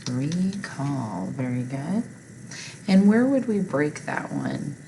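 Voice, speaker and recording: A woman's voice: low-pitched, sing-song, slow pace, gravelly, mellow, a little hiss or hum, rough recording. A woman teaching a phonics lesson, patiently reading word lists and spelling words out, asking listeners to repeat after her.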